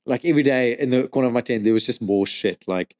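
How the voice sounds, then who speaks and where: A man's voice: mid-range voice, fast talker. Swearing man telling a story. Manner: animated, swears a lot, says "like" and "dude" often. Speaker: podcast guest. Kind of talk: casual storytelling.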